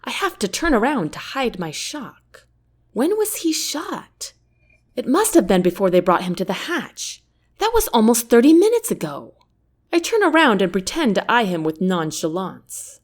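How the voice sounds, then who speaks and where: Her voice sits on the high side as she narrates, at a normal speed, an audiobook of a first-person novel. The woman's performance is expressive and character-driven.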